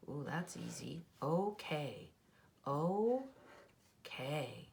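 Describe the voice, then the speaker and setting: A woman teaches young children to write, speaking slowly and with lots of pitch movement. She sounds out letters one by one and exaggerates her tone to show how a sentence should sound. Her voice sits a little low for a woman. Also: big pitch swings, fairly bright tone.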